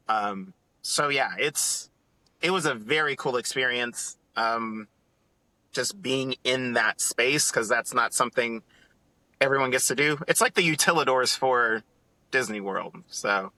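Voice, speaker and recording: A man on a casual podcast, telling a story in an animated, excited way and acting out what others said. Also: mid-range voice, unhurried, no echo. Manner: animated, acts out quotes in other voices. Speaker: podcast co-host.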